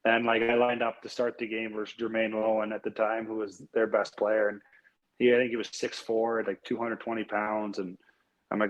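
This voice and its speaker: A young man with a fairly low voice tells his story earnestly as an interview guest. His talk is casual, full of fillers and restarts. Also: level tone, moderate pace, poor audio. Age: young adult. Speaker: guest, hockey player.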